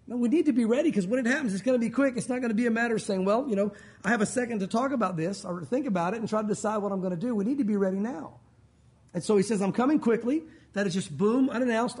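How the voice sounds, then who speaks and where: A man's voice: very high-pitched, a little mellow, slightly rough. A man preaching a sermon as pastor, earnest and direct, often calling his listeners "guys".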